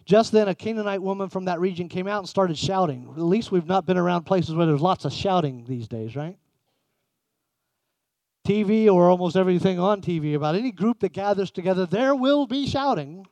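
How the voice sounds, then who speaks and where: A man preaching a sermon as pastor, emphatic, swinging between raised passages and hushed ones. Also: sits high, a little fast, dry recording.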